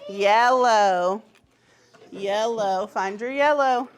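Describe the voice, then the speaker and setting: A woman's voice: fairly high pitch, a little slow, a little hiss or hum. A young woman teaching a pre-kindergarten class in a classroom, upbeat and encouraging, giving short firm directions to small children. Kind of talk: classroom instruction.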